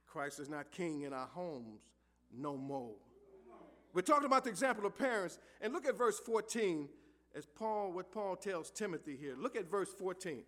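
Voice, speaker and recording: A male pastor preaching a sermon in church. He calls out to the congregation for answers and swings between hushed lines and loud ones. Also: high-pitched, lively intonation, normal speed. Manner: call-and-response preaching, swings from soft to loud. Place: church sanctuary.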